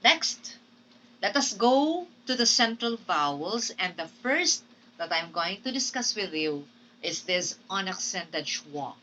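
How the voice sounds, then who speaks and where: A woman's voice: mid-range voice, big pitch swings, slow, bright, forceful tone, far from the mic, a little hiss or hum, low-quality recording. A woman with a Filipino accent, teaching English pronunciation in a patient classroom lecture, drilling words and repeating them. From Philippines.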